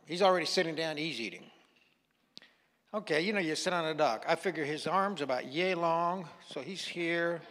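A male guest pastor tells a story during a sermon in a church sanctuary, folksy in style and acting out the dialogue. His voice is a little high and a bit bright, at a normal speed. Long hall reverb colors the recording.

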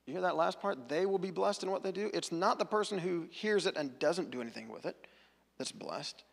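A man's voice: high voice, animated, fairly quick, vocal fry. A man giving a sermon as pastor, earnest and conversational, often restarting his sentences. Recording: long church hall reverb.

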